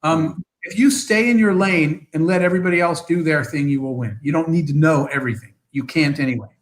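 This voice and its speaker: A man, a guest entrepreneur, telling motivational stories in an interview in an animated, quick way. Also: on the high side, low-quality recording. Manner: animated, fast storyteller with bursts of laughter.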